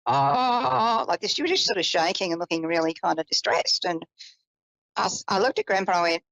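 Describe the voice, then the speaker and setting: A woman psychic telling a personal story in a chatty, animated way, with self-deprecating asides. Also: on the low side, fairly quick, dry recording, low-quality recording. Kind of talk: personal storytelling on a live call-in show.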